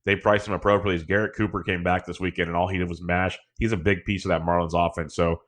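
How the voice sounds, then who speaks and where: Fast-talking low-voiced podcast man. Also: little pitch movement, fairly bright tone. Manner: quick, confident analysis. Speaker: podcast co-host. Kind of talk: casual sports podcast chat.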